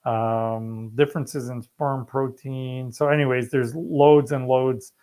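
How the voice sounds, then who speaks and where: A man's voice: medium pitch, fairly even intonation, slow pace, mellow, smooth. A man who is a fertility specialist, answering viewer questions in a casual, joking live stream and reading study titles aloud.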